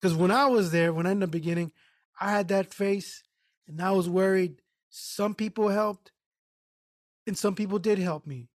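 A man's voice: high-pitched, moderate pace, no room sound, studio quality. A man telling a work story in casual podcast chat, swearing and acting out what people said. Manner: profane, animated retelling with quoted voices. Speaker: podcast co-host.

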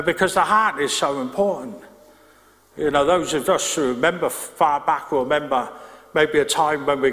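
A man's voice: on the high side, fairly bright tone. A middle-aged male pastor, preaching a sermon in a conversational way, with restarts and asides to the congregation. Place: church hall. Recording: reverberant church hall.

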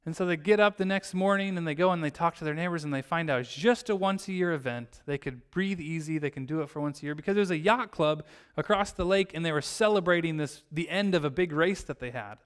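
A man gives a sermon with a fairly high, smooth and resonant voice. He talks in a relaxed, chatty storytelling way and breaks into the characters' lines with bursts of energy. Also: fairly quick, few pauses. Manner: storytelling, acts out the characters' lines with lively shifts. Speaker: pastor.

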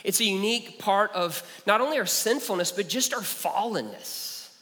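A man preaching in a church sanctuary, his voice bright and forceful with a long hall reverb behind it. He speaks in a slightly raised register, earnest and personal, circling back to repeat his key phrases. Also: high-pitched, animated, moderate pace. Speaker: pastor. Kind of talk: sermon.

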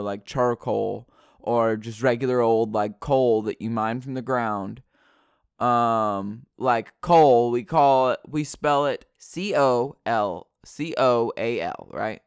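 A man's voice: mid-range voice, clear, resonant tone, no echo, studio quality. A man hosting a solo podcast from his bedroom, talking in a playful, rambling way and repeating words as he drifts toward and away from the mic. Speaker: podcast host.

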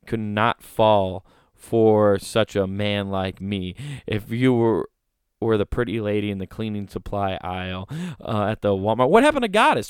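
A man's voice: mid-range voice, clean tone, no room sound, clean studio sound. A man hosting a comedy podcast, giving sarcastic, mocking commentary and laughing often.

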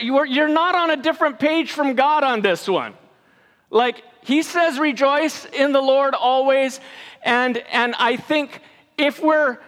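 Male pastor, very high voice, slow, loose conversational preaching in a reverberant church hall. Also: a bit bright. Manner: conversational, repeats words, leads congregation in recitation. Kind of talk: casual sermon.

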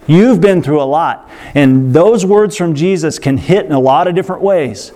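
Guy preaching, kinda high voice, chatty and animated, does funny little voices for quotes. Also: normal speed. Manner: animated, conversational, acts out quotes with playful voices. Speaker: pastor. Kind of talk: sermon.

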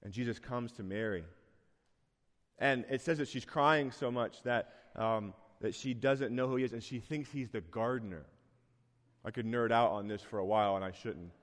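A man preaching a sermon in a church, conversational and earnest, with sudden rising bursts of emphasis. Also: lowish voice. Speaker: pastor. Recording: long hall reverb.

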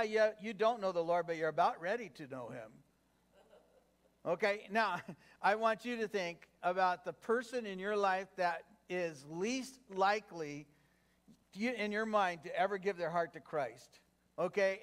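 A pastor with a high-pitched, slightly bright voice preaches a conversational, engaging sermon, using fillers and frequently putting questions to the congregation.

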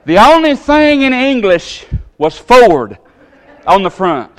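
A man telling a long personal story in a sermon, in a folksy, animated way with sudden jumps in pitch. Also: takes it slowly.

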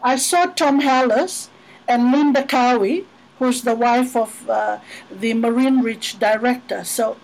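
A woman, a podcast guest, telling a personal story in a lively conversational way, filling it with "you know" and acting out both sides of the dialogue. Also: on the high side, slow pace, rough recording. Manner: animated, acts out both sides of dialogue with frequent fillers.

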